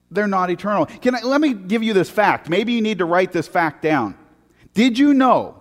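A man preaching a sermon in an animated, joking way, swinging from loud punchy lines to very quiet ones. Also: sits high, in a large hall. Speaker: pastor.

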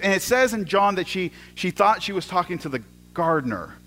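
A male pastor preaching a storytelling sermon, swinging from excited rises to hushed asides and often repeating words. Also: high-pitched, fairly quick.

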